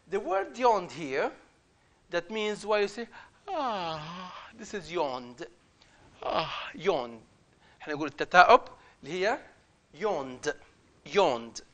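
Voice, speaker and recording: A male teacher with a notably high voice walks a class through a reader story. He reads passages emphatically and then patiently repeats and explains key words. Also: fairly bright tone. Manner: reads the story aloud with emphatic, raised delivery. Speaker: English teacher.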